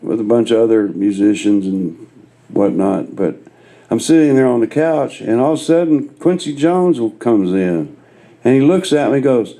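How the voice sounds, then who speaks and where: A man, a guest guitarist, telling laid-back, self-mocking stories on stage with a gravelly voice. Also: mid-range voice, normal speed, mellow. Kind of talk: live storytelling on stage.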